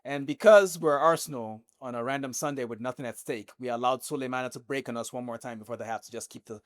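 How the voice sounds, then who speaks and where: A man's voice: mid-range voice, quick pace, no room sound, studio quality. Man casually recapping a football match. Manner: profane, jokey, recaps match moments. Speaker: podcast host.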